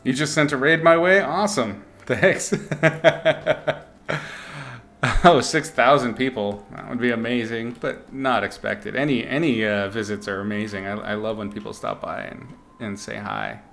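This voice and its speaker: A man's voice: medium pitch, steady tone, a little slow, gravelly, fairly bright tone. A man chatting casually with his live-stream audience while he paints, playful and giggly, greeting viewers by name and making up silly words.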